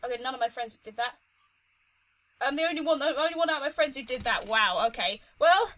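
A young woman commentating her own playthrough of a story game, chatty and excitable, talking to herself and the screen. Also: sits high, brisk, rough recording. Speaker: let's play host. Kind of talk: gaming commentary.

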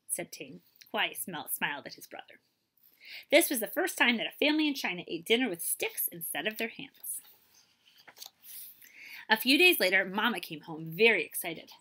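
Bright-voiced librarian reading a picture book. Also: female voice, medium pitch, normal speed, breathy edge. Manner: lively storytelling, asks children questions. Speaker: librarian reading aloud to children. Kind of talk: picture-book read-aloud.

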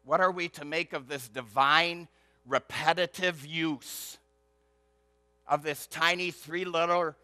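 A male pastor preaching a sermon emphatically, moving between loud stressed words and hushed asides, and building rhythm through repetition. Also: on the high side, fairly even intonation, slow pace, no room sound.

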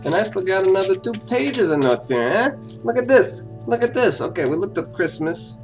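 A man's voice: high-pitched, sing-song, normal speed, soft background music, pitched above the performer's own voice. A man voicing a brash, wisecracking male detective who mockingly grills a suspect during a comedic game commentary, with a put-on accent. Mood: mock-tough. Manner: mock-tough, rambling, teasing, puts on a put-on accent. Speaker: gaming YouTuber. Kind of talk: comedic let's play commentary in character.

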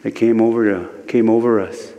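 A man from Standing Rock, a guest speaker at a church service, telling a spiritual story slowly, with many repeated "he said" lines. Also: lowish voice, steady tone, mellow, big-room sound. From Standing Rock, United States. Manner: slow and repetitive, retelling speech with many "he said".

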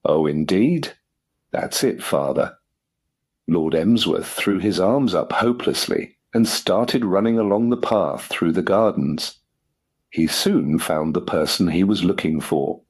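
A man narrates an audiobook in a deep, low voice with a husky grain. His delivery is measured and steady, paced for a learner to follow.

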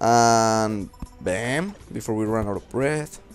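Slow-talking young man gaming. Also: lowish voice. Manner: rambling, swears at enemies, talks to himself. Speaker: let's play host. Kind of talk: casual gameplay commentary. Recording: faint game music behind.

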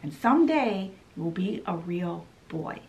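A woman voicing a kind female fairy who speaks slowly and gently. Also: fairly low pitch, sing-song. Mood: gentle.

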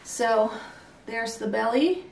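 A woman's voice: a little high, slow, gravelly, darkish tone, slight background noise. A woman in her thirties talking to camera in a casual, candid vlog, a little out of breath. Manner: chatty, candid, mildly breathless. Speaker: vlogger. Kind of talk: casual pregnancy update vlog. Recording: echoey room, voice from far off.

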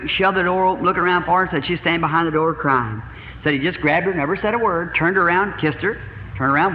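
A man with a Southern accent preaching, telling homespun stories in a chuckling, drawn-out way to a congregation. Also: fairly high pitch. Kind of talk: folksy storytelling sermon. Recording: dull lo-fi archival sermon tape, long hall reverb, faint hiss.

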